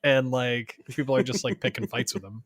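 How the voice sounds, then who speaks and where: A man's voice: mid-range voice, fairly even intonation, fairly quick, no room sound. A man on a podcast panel, chiming in with wry, jokey asides and lots of "like". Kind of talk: casual podcast discussion.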